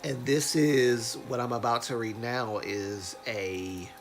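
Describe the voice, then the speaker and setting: A young man with a cold, sniffling and congested, hosting a casual livestream and slowly reading news aloud with frequent restarts and self-corrections. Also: mid-range voice, steady tone, a little hiss or hum. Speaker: livestream host.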